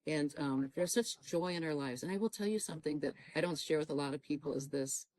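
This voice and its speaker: A woman's voice: low voice, brisk, a little mellow, dry recording, poor audio. A middle-aged woman giving an earnest personal testimony, acting out the words she and others said back then. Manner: earnest storytelling, acting out her own past dialogue. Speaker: guest telling her testimony.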